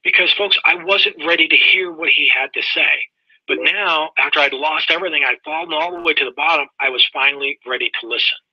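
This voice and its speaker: A middle-aged man tells a personal story in a folksy webinar talk and keeps addressing his listeners directly. His voice sits a bit high and sounds husky. The audio is muffled and lo-fi. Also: fairly quick, no echo. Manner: folksy, talks straight to "folks". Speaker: webinar presenter.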